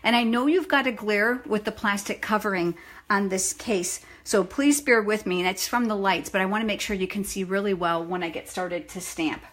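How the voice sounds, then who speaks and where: A woman's voice: mid-range voice, moderate pace, a bit bright. A chatty middle-aged woman runs a live stamping demonstration from her home craft room. She greets viewers by name as she goes and jokes about her own mistakes. Her voice is picked up by a phone camera.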